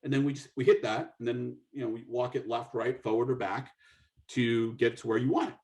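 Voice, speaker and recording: A man's voice: medium pitch, steady tone, fairly quick, a little mellow. A middle-aged man from the United States, a military officer telling a war story as a guest speaker over a video call, acting out dialogue with frequent restarts. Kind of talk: storytelling talk.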